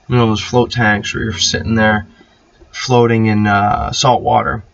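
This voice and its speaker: Rambling, profane young man telling stories. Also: mid-range voice. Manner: rambling, profane, animated when reliving a dream. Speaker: vlogger. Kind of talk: casual storytelling monologue. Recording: slightly dull, faint background hiss.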